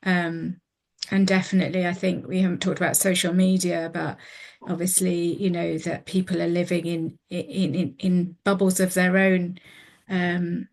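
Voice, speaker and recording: Creaky, flat-voiced woman moderating. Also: on the low side, moderate pace. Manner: warm thanks, hesitant with fillers. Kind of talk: moderating a panel talk.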